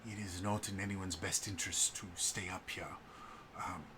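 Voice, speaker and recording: A man voicing a calm male expedition leader who speaks in a measured, formal way. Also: low-pitched, background noise, natural voice.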